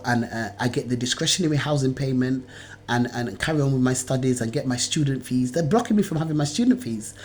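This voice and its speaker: A woman's voice: rumbling low, a little mellow. A woman in an agitated monologue to camera, her words tumbling out in long run-on chains. She repeats herself, restarts phrases and drops curses freely as she rambles on. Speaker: video blogger.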